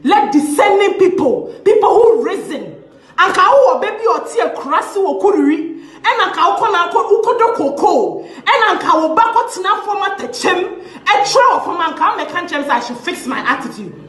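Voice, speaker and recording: Very high-voiced Ghanaian woman ranting. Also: expressive, moderate pace, a bit bright, reverberant. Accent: Ghanaian English. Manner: impassioned, confrontational, mixes in Twi phrases. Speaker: activist campaigner. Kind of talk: social media rant video.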